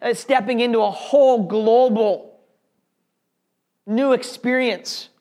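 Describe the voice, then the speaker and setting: A man's voice: very high voice, fairly even intonation, slow pace, a little mellow. A man telling an audience his personal faith testimony in an earnest, heartfelt way. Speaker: speaker sharing a testimony.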